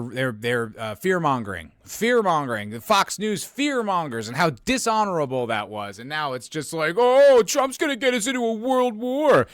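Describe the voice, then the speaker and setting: A man's voice: fairly low pitch, a bit bright, no echo. A man hosting a podcast livestream and reading chat messages aloud, rambling casually, swearing and poking fun at himself. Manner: rambling, profane and self-mocking.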